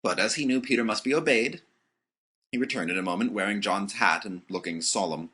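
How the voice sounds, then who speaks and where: A man narrating an audiobook with expressive storytelling. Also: fairly low pitch, fairly quick, slightly rough.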